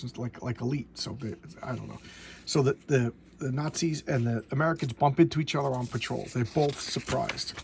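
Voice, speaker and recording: A man's voice: fairly high pitch, creaky, a little hiss or hum. A man casually reviewing old comic books in a rambling, enthusiastic way, often restarting and repeating words. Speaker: comic book collector and reviewer.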